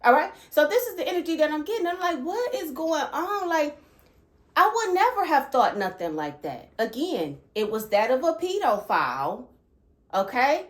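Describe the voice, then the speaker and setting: A woman's voice: high-pitched, normal speed. A woman hosting her own channel, talking earnestly about spiritual experiences and often checking in with listeners by asking "okay?". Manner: animated and emphatic when recounting disturbing thoughts. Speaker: channel host. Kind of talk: earnest spiritual vlog talk.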